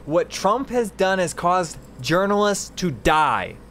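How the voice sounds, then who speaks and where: A man's voice: high-pitched, big pitch swings, takes it slowly, fairly bright tone, slight background noise. A man ranting incredulously and sarcastically while reacting to news clips, exasperated and mocking.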